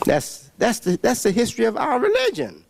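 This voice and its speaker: A man giving a preaching religious lecture, emphatic, with long pauses and repeated words. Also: extremely high pitch, wildly swooping pitch, vocal fry. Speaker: religious speaker.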